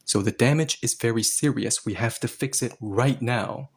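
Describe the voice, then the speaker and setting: A man's voice: mid-range voice, moderate pace, husky. A man teaching Korean grammar to learners, explaining each step patiently and with a playful touch.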